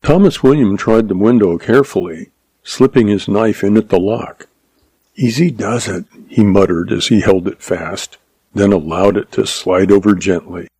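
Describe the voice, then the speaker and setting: A man reading a Western story aloud in a steady, measured narration. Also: on the low side, breathy edge, no room sound. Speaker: audiobook narrator.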